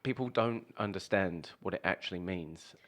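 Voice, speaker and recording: Low-voiced man in easy chat. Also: moderate pace. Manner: laughs easily, relaxed and conversational. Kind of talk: casual podcast chat.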